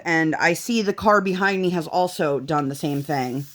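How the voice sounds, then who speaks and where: A woman in her thirties chatting casually while she crafts, acting out the people in her story with big jumps in her voice. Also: normal speed. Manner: animated storytelling, acts out dialogue with big pitch jumps. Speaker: craft vlogger.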